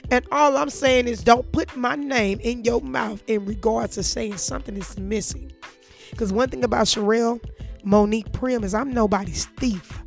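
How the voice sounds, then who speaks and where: A young woman telling a story to her viewers, blunt and profane, speaking straight to her audience. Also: fairly high pitch. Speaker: vlogger. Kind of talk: casual storytime chat.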